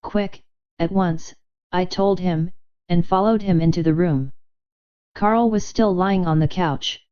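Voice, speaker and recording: A woman narrating an audiobook with an even, measured reading. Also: fairly low pitch, clean tone. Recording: dull lo-fi audiobook recording.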